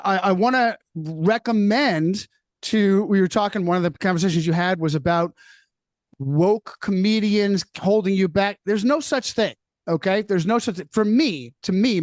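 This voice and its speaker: A man's voice: high voice, dry recording. A man speaking as a podcast guest in casual chat, making emphatic points that he repeats for weight, often ending on "okay?". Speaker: guest author.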